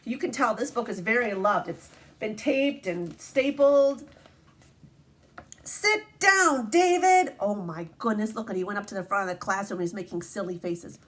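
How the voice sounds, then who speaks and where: A woman teacher reading a picture book aloud to children, animated and asking them questions as she goes. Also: mid-range voice, a little fast, hardly any pauses, slight background noise.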